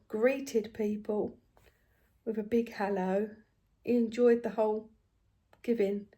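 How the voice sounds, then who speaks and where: An older woman, chatting casually about family while she stitches at home, telling stories with lively swings and quiet hushed asides. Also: mid-range voice. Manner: chatty, animated storytelling, dropping to hushed asides. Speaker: craft vlogger.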